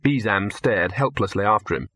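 A man narrating an audiobook in a measured, dry storytelling manner. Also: on the low side, lively intonation, fairly bright tone. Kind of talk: audiobook narration from tape sides.

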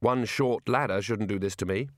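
A man's voice: fairly low pitch, moderate pace, no echo, clean studio sound, close to an everyday voice. A man voicing a nervous, put-upon male wizard who sounds wary and flustered.

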